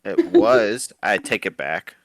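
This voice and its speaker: A man's voice: fairly low pitch, huge pitch swings, takes it slowly, no room sound. A man playing a tabletop game in a playful, joking way. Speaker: player. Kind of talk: casual tabletop role-play.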